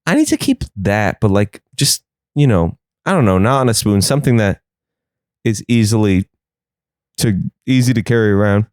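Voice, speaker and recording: A man's voice: fairly low pitch, very animated, moderate pace, darkish tone, clean tone, dry recording, studio quality. A young man hosting a comedy podcast, riffing sarcastically on the news and slipping into silly voices.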